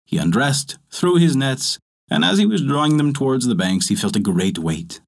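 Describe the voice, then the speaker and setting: A man narrating a folk tale with an expressive storytelling cadence. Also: mid-range voice, normal speed, gravelly.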